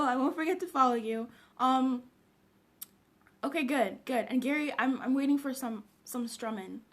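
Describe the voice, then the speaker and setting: A woman's voice: sits high, animated, moderate pace, a bit bright. A woman life coach chatting casually on a live stream, upbeat and thanking viewers one by one.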